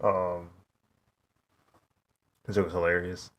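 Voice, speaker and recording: A young man from the US chatting casually while drawing on a live stream, laid-back and quick to laugh. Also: low-pitched, little pitch movement, a bit bright. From United States. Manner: laid-back, laughs often, says "bro". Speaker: streaming artist.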